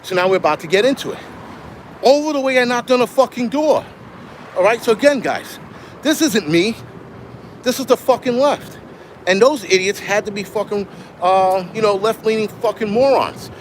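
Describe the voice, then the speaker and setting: A man's voice: high voice, normal speed. A man ranting as he walks home through city streets, blunt and profane, recording on a handheld phone with faint street noise behind him. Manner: blunt, swearing, heated. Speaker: firefighter vlogger. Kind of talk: profane walk-and-talk rant to live chat. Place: outdoors on city streets, walking.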